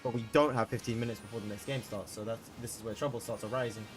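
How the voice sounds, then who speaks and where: A man's voice: lowish voice, steady tone, quick pace. A young man streaming a game live, talking to his chat and repeating himself as he gets worked up. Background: background music.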